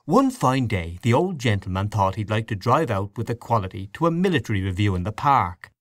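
A man voicing a genial gentleman who tells a comic family tale with a droll, mock-solemn manner. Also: on the low side, big pitch swings, fairly quick, dry recording, studio quality.

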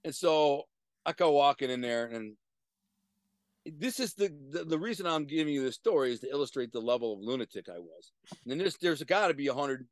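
A middle-aged man tells rough, profane stories over a video call. He talks in an animated way and breaks into loud bursts. His voice sits fairly high for a man and sounds dry and close, with no room around it. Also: fairly quick, dry recording. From Detroit, USA. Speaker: interview guest. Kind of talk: casual storytelling.

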